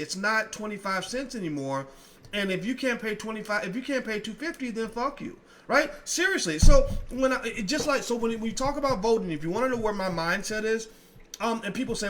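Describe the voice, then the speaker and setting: A man's voice: very high voice, sing-song, fast talker, bright, forceful tone. A middle-aged man giving blunt, profane political commentary straight to his audience, acting out both sides of imagined arguments. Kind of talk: direct-to-camera political commentary.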